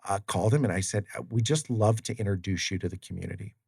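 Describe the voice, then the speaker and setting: Low-voiced man telling stories with many fillers. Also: fast, creaky, a little mellow, husky. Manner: storytelling, acts out quoted exchanges, many fillers. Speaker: guest, tribal community development official. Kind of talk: casual interview talk. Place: studio. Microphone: studio mic.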